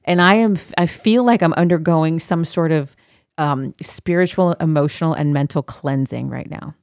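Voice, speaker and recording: A woman's voice: low-pitched, normal speed, a little mellow, dry recording, studio quality. A woman in her forties, a former radio host, chatting candidly with wry, profane humor. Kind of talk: casual chat.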